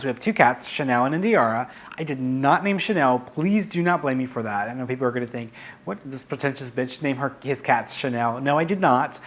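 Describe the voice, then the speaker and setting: A man at an ordinary middle pitch tells a personal story in a relaxed vlog style. He talks frankly and chattily, often stopping to add fillers or correct himself mid-sentence. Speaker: vlogger, psychic medium. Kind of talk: casual storytelling.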